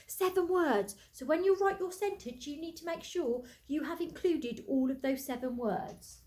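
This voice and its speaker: A woman's voice: sits high, expressive, unhurried, few pauses, a little mellow. Encouraging woman teaching phonics. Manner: encouraging, clearly sounding out letters. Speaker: primary school teacher. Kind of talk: phonics lesson to camera. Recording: echoey room, faint background noise.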